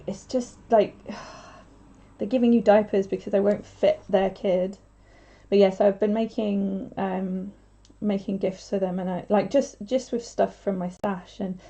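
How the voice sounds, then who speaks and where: A young woman chats loosely while crafting on a livestream, wandering from thought to thought with plenty of filler words. Her voice sits mid-range and sounds mellow and warm. The recording is dull and lo-fi. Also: medium pitch. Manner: rambling, chatty, full of filler words.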